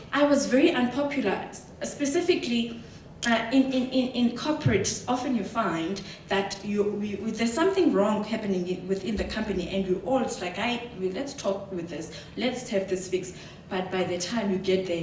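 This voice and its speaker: A woman from South Africa giving a motivational talk, telling her story in a lively way with frequent laughter. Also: mid-range voice, a little hiss or hum. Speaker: guest speaker. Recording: echoey hall, distant mic.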